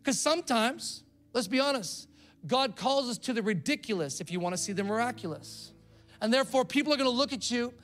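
A man's voice: very high-pitched, animated, brisk, fairly bright tone, faint music behind. A man preaching a sermon in a conversational way, calling out to the congregation. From Canada. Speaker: pastor.

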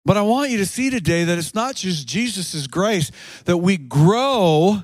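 A man preaching a sermon, moving between quick spoken stretches, slow drawn-out phrases and sudden shouted peaks. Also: sits high, animated, no echo. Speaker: pastor.

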